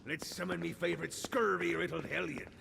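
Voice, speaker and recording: An actor playing a boastful male pirate captain with a hammy, growling pirate accent and a gravelly voice, in game audio. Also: a little high, fairly even intonation, brisk, background noise. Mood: instructive. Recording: game audio with loud music.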